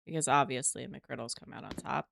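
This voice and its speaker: A woman's voice: very deep voice, fairly even intonation, fairly quick, creaky, a bit bright. A woman streaming a game live, chatting casually to her viewers, swearing freely and talking to herself as she plays.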